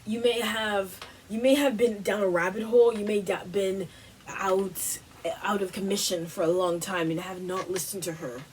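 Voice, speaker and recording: A woman hosting a wellness workshop, giving a casual motivational talk full of "like" and "you know", with animated, repetitive phrasing. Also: mid-range voice, moderate pace, distant mic, a little hiss or hum, poor audio.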